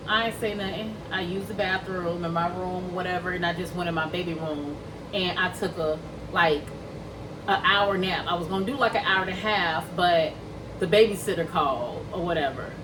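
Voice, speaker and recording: A woman's voice: fairly low pitch, far from the mic, background noise. Chatty woman telling a storytime. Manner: chatty, addresses viewers as y'all, acts out quoted dialogue. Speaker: vlogger telling a personal story. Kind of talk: casual storytime vlog.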